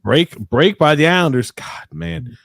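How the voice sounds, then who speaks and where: A man's voice: fairly high pitch, vocal fry, fairly bright tone, no room sound, studio quality. A man co-hosting a casual sports watch-along podcast, chatty and teasing. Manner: teasing, chatty, talks fast at times. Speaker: podcast co-host.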